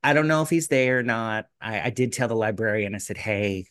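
A man's voice: lowish voice, brisk. A man casually telling a story on a podcast, acting out the voices of the people he quotes. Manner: animated, acts out quoted voices. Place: residence in a gated community.

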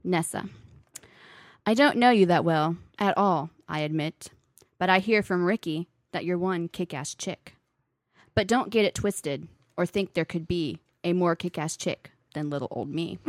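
A woman's voice: on the low side, a little slow, no echo, clean studio sound. A woman co-hosting a casual podcast, brash and teasing, laughing often between lines. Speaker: podcast co-host.

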